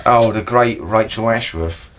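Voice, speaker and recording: A man's voice: fairly low pitch, measured pace, fairly bright tone, a little hiss or hum. A man telling rambling anecdotes in a casual interview, laughing often and swearing freely. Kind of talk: casual storytelling chat.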